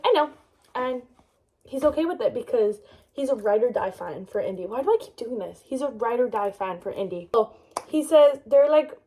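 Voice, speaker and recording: A woman's voice: a little high, warm tone, poor audio. A young woman vlogger chatting about a book she loves, gushing and rambling with lots of fillers and restarts. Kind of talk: casual book review chat.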